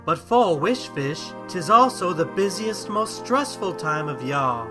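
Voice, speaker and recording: A man giving scripted, mock-solemn storybook narration for an adult cartoon in a deadpan tone. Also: sits high, unhurried. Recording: music bed under the voice.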